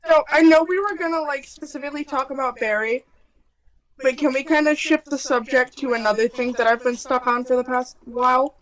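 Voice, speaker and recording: A woman's voice: high-pitched, fairly even intonation, fairly quick, a bit bright. A young woman chatting playfully during a gaming stream, teasing her co-streamer. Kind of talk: casual gaming stream chat.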